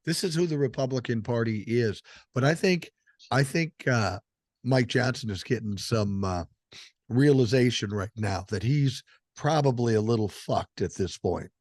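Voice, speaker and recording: A man's voice: medium pitch, normal speed, a little mellow, dry recording, studio quality. An older man hosting a podcast, talking politics in a blunt, emphatic, profane way. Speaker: podcast host. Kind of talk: casual political chat.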